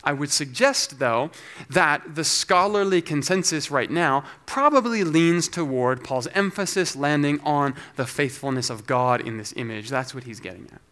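A man's voice: a little high, animated, a bit bright. Man teaching a careful sermon. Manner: measured, explanatory, scholarly. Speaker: pastor.

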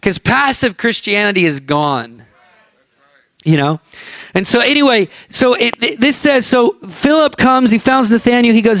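A man preaching a sermon, telling a story and acting out the dialogue with lively energy. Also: sits high, moderate pace, no echo.

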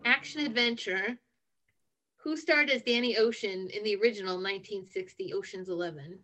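A woman's voice: mid-range voice, moderate pace, sharp tone, low-quality recording. A woman running a trivia game on a casual comedy podcast, playful and teasing as she reads out questions. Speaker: trivia quizmaster.

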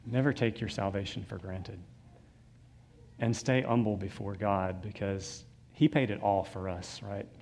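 A man's voice: lowish voice, fairly even intonation, measured pace, vocal fry, darkish tone. A man preaching a sermon, reading scripture aloud and adding loose conversational asides. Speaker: pastor.

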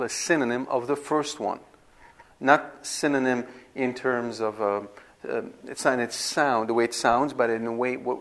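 A man giving a classroom lecture on scripture, at a middle pitch. He explains step by step and stops now and then to make sure the students follow. His delivery is unscripted and conversational, with small restarts. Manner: explanatory, repeats himself with frequent "right?" checks and restarts. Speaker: Bible teacher.

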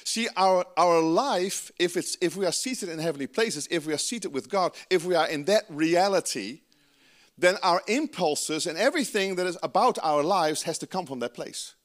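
A Dutch-accented man preaches a sermon in a lively, emphatic way. His voice sits high for a man and leaps up and down with every point. He talks straight to the congregation, breaking off into asides. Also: moderate pace. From Netherlands. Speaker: pastor.

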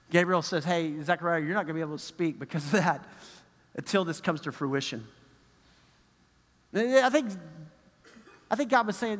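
A man preaching a sermon as pastor, animated and acting out the people he quotes. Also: on the high side, moderate pace, long pauses, long reverb tail. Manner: animated, acts out quoted voices, chuckles.

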